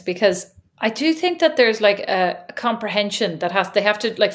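A woman in her thirties with an Irish accent, co-hosting a podcast in casual chat, teasing her co-host and laughing often. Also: mid-range voice. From Ireland.

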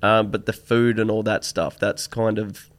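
A young man with a fairly low voice, a guest on a podcast in relaxed casual chat. He talks in an easygoing way, often with short agreeing replies. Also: moderate pace. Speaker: guest, personal trainer.

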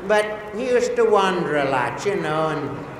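A man's voice: sits high, expressive, moderate pace, pitched above the performer's own voice. A man voicing a wacky, gossipy old woman with a quavering folksy voice in a comedy interview bit. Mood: rambling. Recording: echoey hall recording from far off, noisy.

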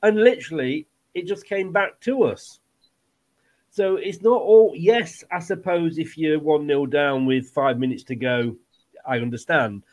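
A man hosting a casual football podcast, chatty and quick to laugh. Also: a little high. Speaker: podcast host.

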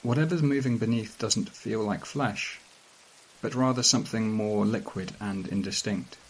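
Gravelly low-voiced male storyteller. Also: normal speed, a little hiss or hum, low-quality recording. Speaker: narrator. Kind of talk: scripted narration of a weird fiction story.

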